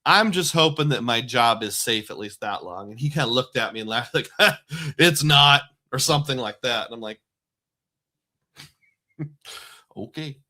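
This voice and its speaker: A man in his forties from southeast Iowa, USA, hosts a casual live stream, working through viewer comments and laughing often. His mid-range voice is animated, pushed, and bright, moving at a moderate pace with frequent pauses.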